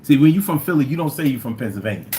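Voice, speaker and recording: A man's voice: medium pitch, animated, very fast, mellow. Philly man, playful stream host. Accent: Philadelphia. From Philadelphia, USA. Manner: playful, riffing and breaking into sing-song chants. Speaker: livestream host. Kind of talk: casual livestream chat, reading viewer comments.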